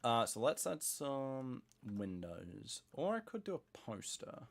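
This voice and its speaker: A man's voice: medium pitch, big pitch swings, slow, vocal fry. A man chatting casually and rambling to himself while he builds in a game, thinking aloud to viewers.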